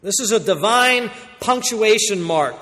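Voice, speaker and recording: A man preaching a verse-by-verse sermon, swinging between loud emphatic warnings and quiet low asides. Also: expressive, unhurried, in a large hall. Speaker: pastor. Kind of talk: expository sermon.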